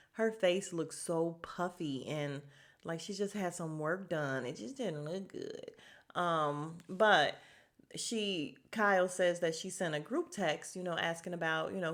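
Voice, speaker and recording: A woman's voice: on the low side, measured pace. A woman hosting a podcast, recapping a reality show in casual, blunt, profane chat and laughing often. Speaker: podcast host.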